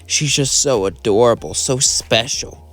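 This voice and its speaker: A man's voice: mid-range voice, measured pace, soft background music, lightly acted. A man voicing a clingy, possessive young woman demon princess in a fan story, sweet on the surface. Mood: gushing. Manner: sweet voice hiding obsession.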